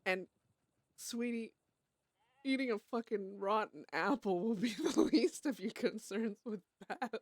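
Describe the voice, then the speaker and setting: A woman's voice: on the high side, animated, unhurried, no room sound. A woman streaming a roleplay game, chatting casually, laughing often and swearing as she reads in-game letters aloud.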